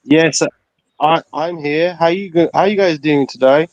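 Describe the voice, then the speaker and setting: A man calling into a live online discussion, speaking haltingly with many restarts over a laggy internet connection. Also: on the high side. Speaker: caller. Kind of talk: casual chat. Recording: dull lagging internet call.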